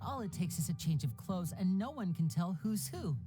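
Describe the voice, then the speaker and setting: A smooth stage magician. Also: female voice, lowish voice, very animated, moderate pace, dark tone, faint music behind. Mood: explaining. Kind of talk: video game voice acting.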